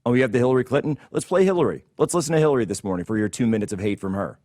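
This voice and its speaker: Guy ranting on his political show, fired up and combative, dead dry mic, middle pitch. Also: expressive, racing, darkish tone, no echo. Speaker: host. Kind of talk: political commentary monologue.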